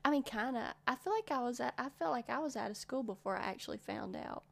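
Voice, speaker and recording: A woman's voice: fairly high pitch, expressive, fast, vocal fry. A woman, chatting casually and rambling as she loses her words, laughing often. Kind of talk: casual chat.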